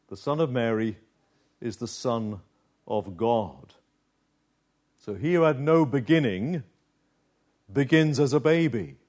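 A male preacher delivers a sermon at an unhurried, deliberate pace. His voice sits a little higher than most men's, and he lets phrases fall low and quiet to press a point home. Long pauses separate his lines. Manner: slow, dramatic delivery with long pauses, dropping low and soft for emphasis.

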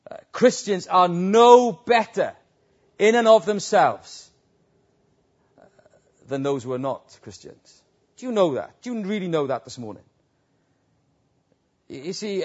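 A man preaching a sermon, telling stories that swell into loud, emphatic peaks. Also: fairly high pitch, very animated, a little slow, long pauses. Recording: dull lo-fi recording.

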